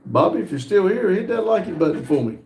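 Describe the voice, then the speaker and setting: Gravelly man hosting a roomy live stream. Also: sits high, very animated, darkish tone, a little hiss or hum. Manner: reads comments aloud with frequent "uh" pauses. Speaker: livestream host reading viewer chat. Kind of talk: casual live-stream chat.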